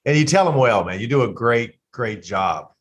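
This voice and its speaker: A man's voice: medium pitch, expressive, normal speed. A man hosting an interview podcast, laughing along and praising his guest's stories. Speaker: podcast host.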